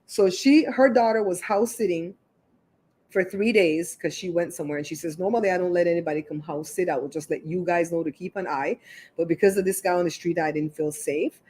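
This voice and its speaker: A woman's voice: lowish voice, darkish tone, slightly rough. A woman hosting her own livestream, chatting casually and retelling a neighborhood story with lots of asides. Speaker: show host.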